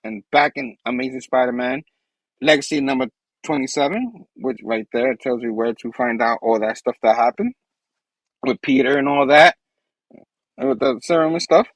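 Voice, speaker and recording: Excited man gushing about comics. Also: mid-range voice, moderate pace, dry recording, low-quality recording. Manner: enthusiastic, rambling with fillers. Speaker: comic book show host. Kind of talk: casual comic review chat.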